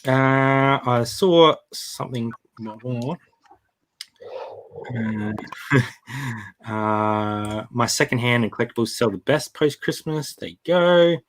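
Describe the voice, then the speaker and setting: An Australian man hosts a casual live online chat with friends. He talks in an easy, relaxed way and chuckles often between viewer comments. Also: mid-range voice, slow pace. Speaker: host.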